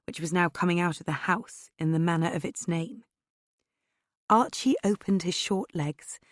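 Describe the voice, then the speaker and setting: Fields: Sex: woman. Role: audiobook narrator. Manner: wry, first-person. Pitch: lowish. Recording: dry, close. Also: no echo.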